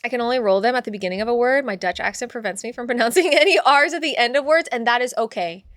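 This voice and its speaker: Upbeat woman streamer with a high voice and close, dry sound; playful, giggly, rambling chat. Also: quick pace, fairly bright tone, no room sound. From father from Puerto Rico. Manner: playful, laughs often, rambling. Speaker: livestream host reading chat. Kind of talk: casual chat with viewers.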